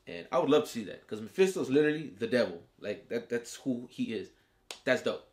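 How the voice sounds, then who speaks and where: A man's voice: mid-range voice, expressive, brisk. Male host for a casual episode review, slangy and foul-mouthed, mid-range voice, acts out the characters' reactions.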